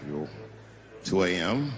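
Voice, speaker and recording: A man doing a deadpan veteran cop. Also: low-pitched, reverberant, background noise, voice pushed down, heavily acted. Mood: skeptical. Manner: deadpan, slow questioning. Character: slow, skeptical veteran male police officer. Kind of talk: stand-up act-out.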